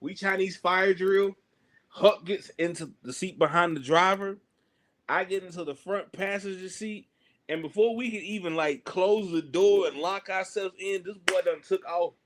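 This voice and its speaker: A young man with a Southern US accent, telling animated stories on a podcast and acting out the voices of people he quotes. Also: sits high, moderate pace. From Southern United States. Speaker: podcast guest. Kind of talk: casual storytelling.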